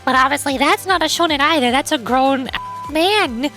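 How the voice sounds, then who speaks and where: A woman streamer in casual chat who stammers and exclaims in an animated way. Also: high-pitched, moderate pace, soft background music.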